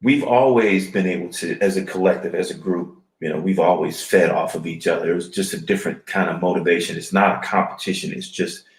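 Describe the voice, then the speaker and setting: A man in his forties co-hosting a podcast, talking in a halting, reflective way with many restarts. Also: low voice, roomy sound, rough recording. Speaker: podcast co-host. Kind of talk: casual chat. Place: studio.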